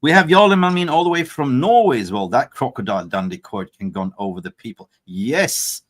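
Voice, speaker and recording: A man hosting a live fan stream in a loose, joking way, now and then swearing. He reads out viewer comments and riffs on them in casual chat, at a middle pitch for a man. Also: animated, fairly quick. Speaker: fan channel livestream host.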